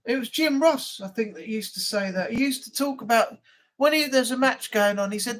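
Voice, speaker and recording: A man's voice: very high-pitched, normal speed, a bit bright. A man with an English accent hosting a casual live chat, telling stories in a rambling, blunt way.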